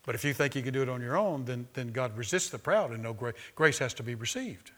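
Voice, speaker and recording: A male pastor with a medium-pitched, expressive, fairly bright voice preaches quickly to a live congregation in a church sanctuary. He alternates between reading passages from a book and speaking informally, asking the congregation questions and having them repeat a line back.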